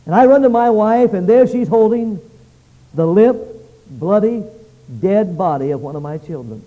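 A man preaching a revival sermon in a church, praying and telling stories dramatically, swinging between loud and hushed. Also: sits high, lively intonation, normal speed. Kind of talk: revival sermon with prayer and storytelling. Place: church meeting hall. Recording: dull lo-fi sermon recording.

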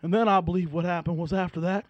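High-voiced man preaching with fervor. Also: steady tone, fast talker, no echo, muffled recording. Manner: storytelling, swings from hushed to shouting. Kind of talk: sermon.

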